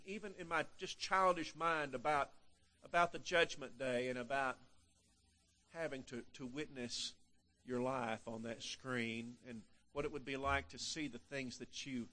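Older male preacher, fairly high voice, emphatic sermon delivery, dynamics swing from loud to hushed.

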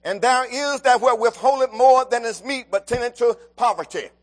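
A man's voice: very high voice, moderate pace. A man preaching a sermon, rising and falling in emphasis and calling out to his congregation.

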